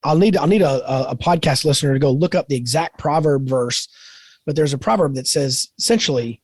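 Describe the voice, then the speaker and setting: A man's voice: on the high side, brisk, slightly rough, dry recording. A middle-aged man co-hosting a faith-based podcast, talking earnestly and animatedly about growing as a dad. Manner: earnest, animated storytelling with quoted voices. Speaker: podcast co-host.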